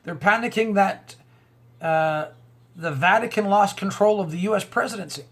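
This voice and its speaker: Male vlogger, husky and raspy, rambling preachy commentary with rhetorical questions. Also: sits high, moderate pace, a bit bright. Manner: rambling, stumbles and repeats words, rhetorical questions, chuckles. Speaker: online video host. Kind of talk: conspiracy and religious commentary monologue.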